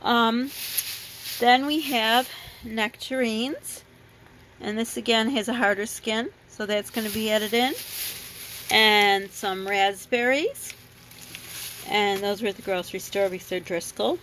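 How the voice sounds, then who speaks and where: A woman's voice: on the high side, measured pace, pauses often, a bit bright, a little hiss or hum, rough recording. A woman who grew up abroad, casually chatting through her fruit and vegetable haul in a home kitchen, rambling with lots of ums. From grew up in another country. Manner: rambling, chatty, many ums and self-corrections. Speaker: vlogger showing a grocery haul. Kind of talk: casual chat.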